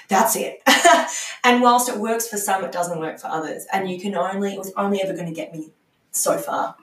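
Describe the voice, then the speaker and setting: A woman's voice: medium pitch, brisk. A middle-aged mother and coaching client, reflecting candidly in a podcast conversation, often restarting her sentences. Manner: candid, searching, trailing restarts. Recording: roomy echo, distant from mic.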